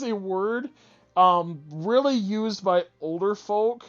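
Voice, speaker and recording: A woman's voice: mid-range voice, slow, dull audio, soft background music. A woman streaming a game, chatting casually with viewers in a playful, talkative way with frequent restarts. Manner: chatty, playful, answers chat, hesitant restarts. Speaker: streamer reading game dialogue. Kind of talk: casual live-stream chat and voiced dialogue reading.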